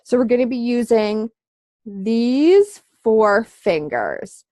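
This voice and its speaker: Slow, relaxed woman guiding breathwork. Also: on the high side, no room sound. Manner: relaxed, chatty instruction with frequent fillers. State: congested. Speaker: yoga and breathwork teacher. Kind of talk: live online guided breathing class.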